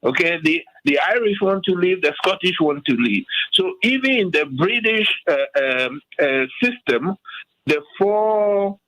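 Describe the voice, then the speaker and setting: A man's voice: high-pitched, expressive, unhurried, bright, forceful tone, no room sound, low-quality recording. An older man from Africa, a guest on a talk radio show, speaking in a fired-up way with frequent restarts and "okay?" asides. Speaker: guest commentator.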